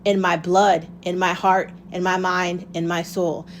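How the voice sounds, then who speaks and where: A woman's voice: fairly low pitch, little pitch movement, a little slow, slight background noise. Impassioned woman ranting casually. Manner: impassioned, swears freely, rhetorical questions. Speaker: vlogger. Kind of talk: casual monologue.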